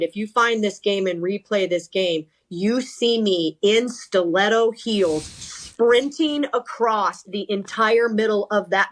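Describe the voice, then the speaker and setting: A middle-aged woman, a sideline reporter, telling stories in a podcast interview, animated and full of restarts. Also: mid-range voice. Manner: animated, self-correcting, lots of repeated starts. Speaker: sideline reporter and talent coach.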